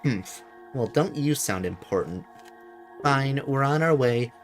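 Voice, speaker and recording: A bossy young pirate captain, as a deep-voiced man puts her on, talking in a raised, brusque voice with faint music under it. She is demanding and impatient with everyone in the game. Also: expressive, unhurried, lightly acted.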